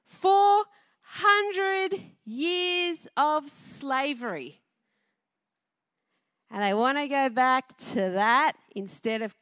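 A woman delivers a sermon in a high, light voice, lively and conversational as she puts questions to her congregation. The sound is close and dry, with little room around it. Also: no echo. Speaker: preacher. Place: church before a congregation.

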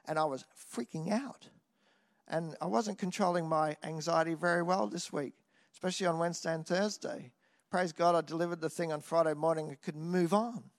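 A man preaching a sermon in an animated way, swinging from loud exclamations to quiet asides and often tossing in a "hey?". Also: a little high.

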